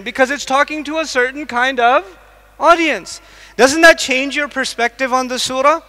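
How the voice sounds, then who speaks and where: An Islamic lecturer addresses a live audience in a large mosque hall, quizzing listeners with repeated questions. His voice is extremely high and sharp, and the hall's long echo carries through the recording.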